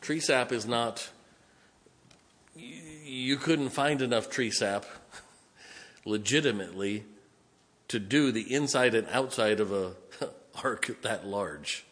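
A man preaching a sermon in a church sanctuary, his mid-pitched voice ringing with a long reverb that trails off in the hall. He reads scripture in a stately cadence, then breaks into emphatic explanation aimed at the congregation. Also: takes it slowly, long pauses, a bit bright. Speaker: pastor.

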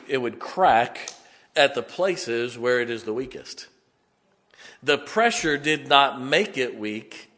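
A man's voice: medium pitch, pushed and bright. A man preaching a sermon as pastor, moving from folksy storytelling to emphatic preaching. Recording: long church reverb.

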